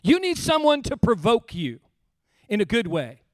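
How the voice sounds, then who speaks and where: Passionate high-voiced male preacher. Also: huge pitch swings, normal speed, no room sound. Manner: passionate preaching, swinging from soft to shouted. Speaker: pastor. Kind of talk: sermon.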